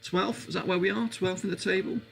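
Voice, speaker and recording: Guy doing a live footy watchalong, gravelly fry in the voice, gets all excited and jumps up high on chances, bit of faint hiss behind. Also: brisk. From England. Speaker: live stream host. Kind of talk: live football watchalong commentary.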